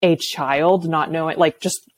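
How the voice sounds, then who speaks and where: A young woman with a notably low-pitched voice chats casually as a podcast guest. She laughs often and fills her sentences with loose fillers. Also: steady tone, a little slow. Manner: chatty, laughs often, many filler likes. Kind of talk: casual chat.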